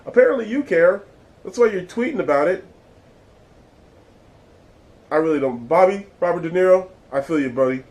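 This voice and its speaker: A man's voice: a little high, animated, moderate pace, long pauses, darkish tone, low-quality recording. A man hosting his own vlog, giving blunt, exasperated and profane commentary. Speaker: vlog host. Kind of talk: casual ranting commentary.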